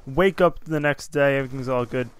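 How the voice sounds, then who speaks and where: A young man casually telling a long story over gameplay as a commentator, animated and rambling, with constant "I'm like" asides. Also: mid-range voice, fairly quick, clear, resonant tone.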